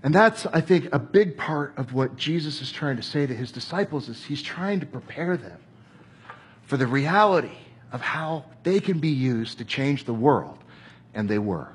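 Husky-voiced man preaching a sermon. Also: mid-range voice, normal speed. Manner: earnest, storytelling, animated when recounting. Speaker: pastor.

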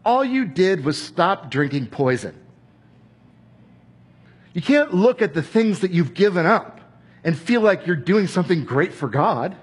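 A man's voice: high voice, big pitch swings, a little slow, pauses often, breathy edge, exaggerated voice. A man preaching who quotes a stern elderly woman mentor, in his own voice with a blunt, scolding manner.

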